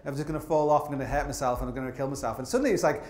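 A man's voice: medium pitch, very fast, darkish tone. A man telling rambling, comic climbing stories live on a theatre stage, full of fillers and the odd swear word. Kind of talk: live comic storytelling talk. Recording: roomy theatre sound with faint noise.

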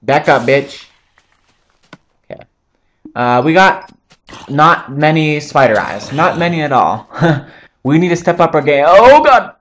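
A man's voice: on the high side, measured pace, fairly bright tone, a little hiss or hum. A young man giving casual, joking commentary over his own gameplay, rambling between topics and swearing often. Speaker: gaming channel host.

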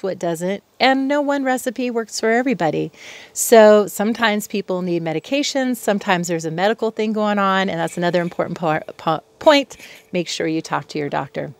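On a dry recording, a woman with a lowish voice speaks to camera from her patio at home. She's a middle-aged clinical psychologist in a casual educational talk, chatty and prone to wandering off topic.

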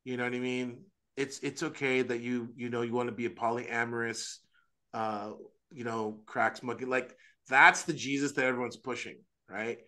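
An Orthodox priest with a medium-pitched voice talks on a podcast in a casual religious discussion, earnest and animated, making frequent restarts and quick asides. He acts out the voices he quotes.

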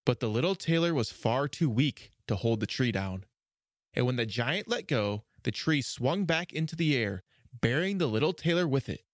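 A man narrating a fairy tale for a children's podcast, measured and expressive. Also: medium pitch, no room sound, clean studio sound. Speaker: storyteller. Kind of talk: storybook narration.

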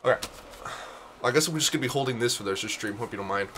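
Rapid-fire and medium-pitched, a young male streamer riffs on the video game he's playing, with background noise and game music audible. His commentary is full of jokes, profanity, and silly voices quoting the game.

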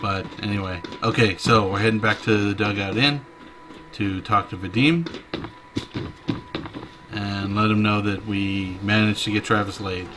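A man's voice: fairly low pitch, flat delivery, a little slow. A man casually commentating a video game playthrough with joking, chuckling asides. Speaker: gameplay commentator. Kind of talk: casual let's-play commentary. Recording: game music behind.

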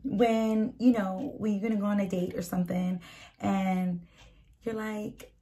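A woman's voice: medium pitch, flat delivery, measured pace, warm tone. A woman speaking casually to a camera about faith, in a slangy and emphatic way that repeats key lines. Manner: conversational, slangy, emphatic repetition. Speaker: Christian video speaker. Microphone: camera mic.

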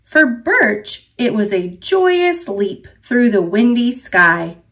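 A woman reading a children's picture book aloud in a gentle, expressive narrating voice. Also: a little high, takes it slowly. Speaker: storybook reader.

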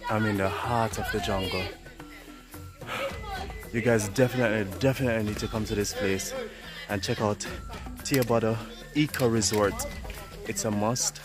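Out of breath guy hiking in the jungle, talking to the cam slow and low, music under it. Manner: excited, breathless, addresses viewers as guys. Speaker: travel vlogger. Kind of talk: hiking vlog to camera. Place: outdoors in rainforest hills.

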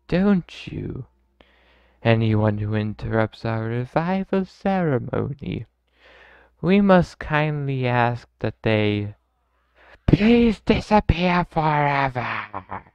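A man voicing a grandiose male cult leader in a video game, with a croaky, nasal put-on voice that swings from solemn to shrieking. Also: medium pitch, expressive, slow pace, a little mellow, no room sound, muffled recording. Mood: menacing.

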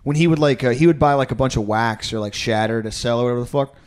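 A man's voice: medium pitch, fast talker, clear, resonant tone. A man telling casual stories on a podcast, rambling and profane, full of filler words. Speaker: podcast guest. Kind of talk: casual storytelling.

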